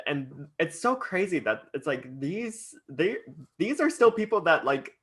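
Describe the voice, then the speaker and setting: A man's voice: on the high side, sing-song, unhurried, a bit bright. A man co-hosting a podcast, chatting casually and chiming in to fill out a shared story. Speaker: podcast co-host. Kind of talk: casual chat.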